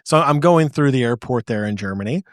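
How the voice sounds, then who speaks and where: A man from the United States co-hosting a podcast, telling a story in casual chat with lively restarts. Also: mid-range voice, brisk, no room sound, studio quality. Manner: animated storyteller with frequent restarts. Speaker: podcast co-host.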